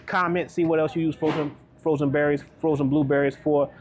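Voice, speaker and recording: A wellness coach strolls through grocery store aisles, narrating his shopping in a casual, upbeat vlog and tossing the viewer a quick "right?" now and then. His voice sits a little high with little pitch movement and a darkish tone, and there's a faint hiss or hum.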